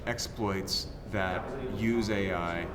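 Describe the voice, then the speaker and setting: A man's voice: low voice, steady tone, slow, crowd noise. A man hosting a podcast interview, casual and affirming, often chiming in with agreement. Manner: casual, affirming, lots of backchannel. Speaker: podcast host.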